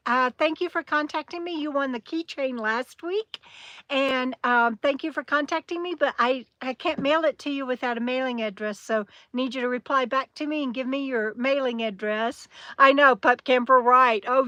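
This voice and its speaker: A woman with a drawl chats casually to her livestream viewers, reading their comments aloud. Her voice is high and bright. The sound is dry and close, picked up by a phone on a tripod. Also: no echo. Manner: chatty, reads viewer comments aloud, talks to her dog. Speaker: livestream host. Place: camper at a campground.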